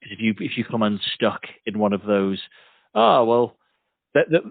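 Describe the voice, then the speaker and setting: A man's voice: lowish voice, fairly quick, dry recording. A man hosting a podcast, chatting casually and jokily, slipping into playful accent impressions now and then. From England. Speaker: podcast host. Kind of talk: casual chat. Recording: tinny phone-like dry sound.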